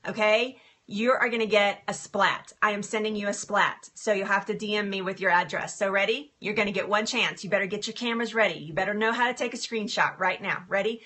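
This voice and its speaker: Woman, live-stream host, bright crisp tone, giggly, chatty, phone mic, kitchen. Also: medium pitch, fairly even intonation, a little fast, hardly any pauses. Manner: bubbly, giggly, talks to viewers by name. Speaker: livestream host, health coach. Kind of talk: casual live-stream chat. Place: home kitchen. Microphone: phone camera.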